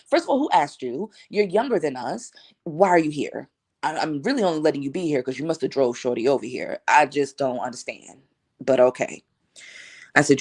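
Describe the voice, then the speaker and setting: A woman in her thirties telling a casual storytime vlog in a relaxed, slangy way, acting out her own past lines. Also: low-pitched, moderate pace, breathy edge, dry recording, clean studio sound. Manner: relaxed slangy conversational delivery. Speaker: vlogger.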